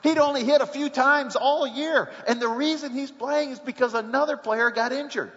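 A man with a high voice preaches a sermon and tells a story with rising energy, breaking into excited shouts. His voice rings with a long reverb in a large hall, and the recording sounds muffled. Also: normal speed.

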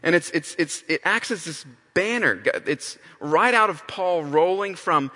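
A man's voice: a little high, expressive, unhurried, hardly any pauses, bright, forceful tone. A man preaching a sermon, emphatic, often restarting and repeating phrases. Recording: long hall reverb.

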